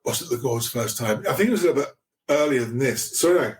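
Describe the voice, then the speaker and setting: A man's voice: mid-range voice, expressive, a little mellow. A middle-aged man, a podcast guest, telling a story casually, often restarting his sentences with stammers. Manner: halting, with many restarts and stammers.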